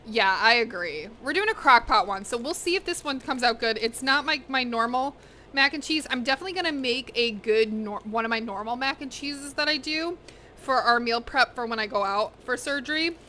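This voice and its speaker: Young woman streaming from her kitchen, bright, slightly high voice, chatty, soft hum of the room behind. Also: expressive, fairly quick. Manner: chatty, talks to chat and to her pets. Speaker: cooking streamer. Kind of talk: casual livestream chat while cooking. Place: home kitchen.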